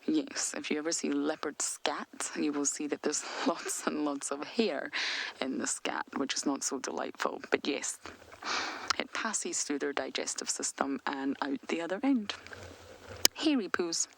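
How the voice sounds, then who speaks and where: A woman guiding a live game drive from an open vehicle outdoors, answering viewer questions in a hushed, often whispered voice. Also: sits low, measured pace, creaky, poor audio. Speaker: safari guide.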